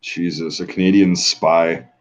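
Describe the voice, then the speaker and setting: A man's voice: low-pitched, little pitch movement, unhurried, lo-fi sound. A man hosting a casual chat, swearing freely and joking around. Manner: profane, joking, puts on mock voices. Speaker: host.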